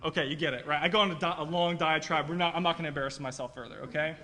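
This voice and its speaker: A man presenting a live software demo to a room of video editors, talking quickly and casually and checking in with the audience. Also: a little high. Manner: quick and chatty, keeps asking "right?". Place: meeting room at a live user-group meet.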